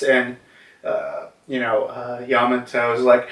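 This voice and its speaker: A man's voice: medium pitch, slow pace, a bit bright. A man casually reviewing a comic chapter, rambling with lots of fillers and restarts. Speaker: manga reviewer. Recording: echoey room, far from mic.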